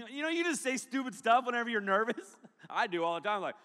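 Man, pastor, lively joking sermon, high bright voice, big reverberant hall. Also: brisk. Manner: animated, joking, bursts into shouts.

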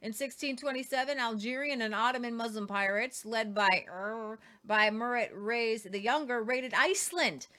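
A woman's voice: on the high side, normal speed, hardly any pauses, bright, forceful tone. A woman hosting a casual history talk, reading quotes aloud with jokey asides and stumbles over names. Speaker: host.

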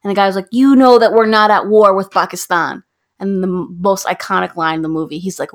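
A woman in casual conversation, retelling a movie scene by scene and slipping into the characters' voices as she goes. Her pitch sits in the middle of the usual range for women. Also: brisk. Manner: animated storyteller, acts out characters' lines. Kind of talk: casual chat retelling a film plot.

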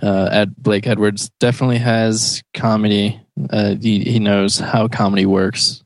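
A man on a casual movie podcast, hesitant and filling pauses with uh. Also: fairly low pitch, level tone, dry recording. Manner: hesitant, filler-heavy. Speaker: podcast co-host. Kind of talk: casual chat.

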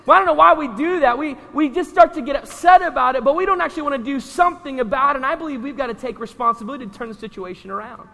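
A male pastor with a high, bright, ringing voice delivers an animated, conversational sermon. He keeps checking in with his listeners. The sound carries a long reverb from a large church hall. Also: very fast, creaky, hardly any pauses. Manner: animated, conversational preaching with asides to the congregation.

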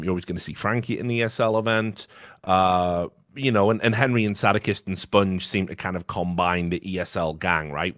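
A man's voice: low-pitched, fairly bright tone, dry recording, clean studio sound. A man on a podcast in casual, opinionated chat, ranting bluntly and swearing freely. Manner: blunt and profane, heated ranting. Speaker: podcast host.

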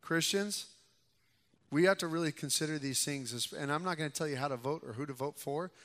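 A young adult male pastor giving a conversational sermon in a church sanctuary, who grows louder and more emphatic when he reads scripture aloud. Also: fairly high pitch, brisk. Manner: conversational preaching, rising loud for scripture reading. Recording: long hall reverb.

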